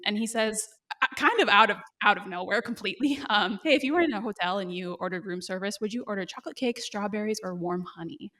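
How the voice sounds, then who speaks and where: A woman's voice: medium pitch, quick pace, pushed and bright. Chatty woman recapping a show. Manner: chatty, recaps scenes with laughs and fillers. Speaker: podcast co-host recapping an episode. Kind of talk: casual chat.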